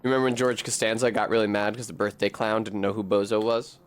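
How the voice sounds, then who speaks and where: A man's voice: on the low side, flat delivery, fast talker, clean tone. A man giving casual, wry commentary as he streams a video game, swearing freely and chatting with his viewers. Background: game music.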